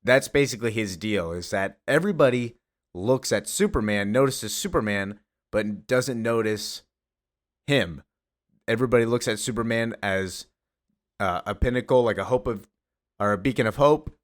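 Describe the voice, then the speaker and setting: A man's voice: on the low side, normal speed. A man casually retelling a comic story, rambling along with frequent fillers and restarts. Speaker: comics commentator.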